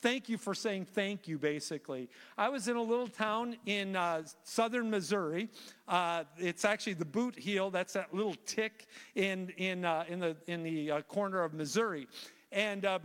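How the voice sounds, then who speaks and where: Male preacher, high-pitched, animated storyteller full of restarts, in a reverberant church sanctuary. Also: moderate pace, smooth. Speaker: guest preacher. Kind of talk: sermon.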